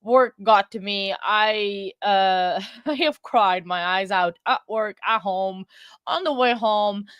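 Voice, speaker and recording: A woman's voice: mid-range voice, takes it slowly, a bit bright, smooth, dry recording, dull audio. A woman hosting a casual livestream from home, chatting loosely with viewers and laughing often between rambling sentences. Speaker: livestream host.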